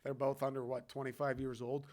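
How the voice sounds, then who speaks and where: A man's voice: medium pitch, level tone, a little fast, darkish tone. A man hosting a podcast, talking sports in a loose, profanity-heavy, fired-up rant and calling his listeners "dude". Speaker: podcast host. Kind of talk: casual sports talk.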